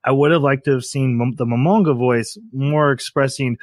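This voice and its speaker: A man's voice: mid-range voice, fairly even intonation, normal speed, few pauses, dry recording. A man co-hosting a podcast, talking in a critical, thoughtful way and often laughing. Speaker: podcast co-host. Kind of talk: casual discussion.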